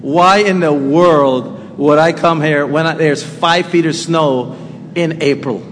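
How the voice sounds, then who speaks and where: A man preaching a sermon in a conversational, animated way, joking with his congregation. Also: on the high side, slow, slight background noise. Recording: long hall reverb, faint ambience.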